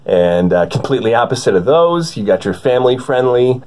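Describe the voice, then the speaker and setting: A man's voice: medium pitch, expressive, a little fast, hardly any pauses, darkish tone. A man hosting a casual vlog, chatty and self-deprecating. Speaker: vlogger.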